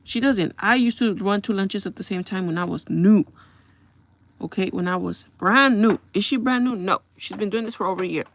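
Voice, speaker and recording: Gravelly-voiced woman venting to her stream. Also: medium pitch, normal speed. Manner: exasperated, venting with repeated asides to the audience. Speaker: live streamer. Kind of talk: casual storytelling rant to viewers.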